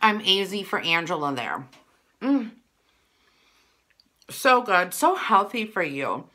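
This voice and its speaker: Bright-voiced chatty woman eating on camera. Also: medium pitch, very animated, takes it slowly. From Wisconsin. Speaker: vlogger. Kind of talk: casual mukbang vlog chat.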